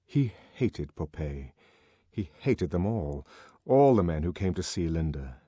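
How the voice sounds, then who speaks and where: A man narrating an audiobook in a measured, expressive storytelling manner, recorded on a close studio mic. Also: sits low, breathy edge, no room sound.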